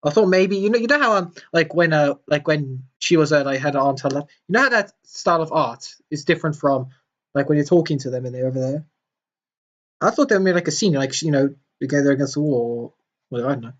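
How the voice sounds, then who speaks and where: A man's voice: on the high side, animated, quick pace, dull audio. A man playing a visual novel for a video, reading the lines and adding rambling, filler-heavy commentary. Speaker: gaming YouTuber. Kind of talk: let's play commentary and reading aloud.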